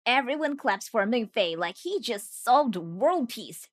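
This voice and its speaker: A woman's voice: fairly high pitch, sing-song, measured pace, dry recording, studio quality. A woman narrating a scripted anime recap with jokey, wisecracking asides.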